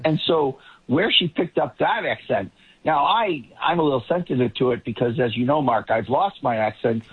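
Man from boston, political commentator, husky voice, tinny phone line, dry. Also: mid-range voice, expressive, moderate pace, dry recording. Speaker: panel guest, political commentator. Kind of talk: talk radio commentary.

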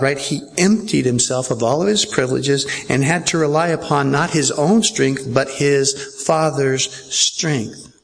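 A man preaching to his congregation with a gravelly, creaky edge in his voice. He teaches in a conversational way and keeps checking that listeners follow along. It sounds like a sermon delivered in a church. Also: medium pitch. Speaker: pastor. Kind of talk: verse-by-verse sermon.

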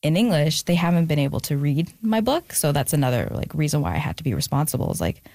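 A woman's voice: sits low, very animated, quick pace, creaky, a little mellow, no echo, clean studio sound. A woman author talking reflectively about her family, with frequent fillers. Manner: reflective, gets emotional, many fillers. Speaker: author guest. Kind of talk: casual interview chat.

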